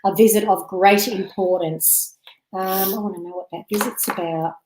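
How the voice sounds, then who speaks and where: A woman's voice: medium pitch, fairly even intonation, moderate pace, roomy sound, noisy background. A woman hosting a live psychic reading, chatty and giggly, calling viewers love and darling.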